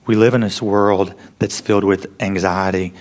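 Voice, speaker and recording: A man preaching a sermon in an earnest storytelling way, often dropping to a hush for emphasis. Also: sits low, steady tone, normal speed. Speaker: pastor.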